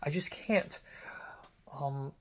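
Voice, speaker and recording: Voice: medium pitch, extremely slow, fairly bright tone. A young adult student vlogger in a casual venting monologue, rambling, self-critical and swearing freely.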